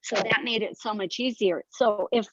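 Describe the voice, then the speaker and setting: A woman's voice: a little high, fairly even intonation, moderate pace, fairly bright tone. An older woman, a guest author, telling detailed stories earnestly in a conversational interview. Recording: dry, slightly dull sound.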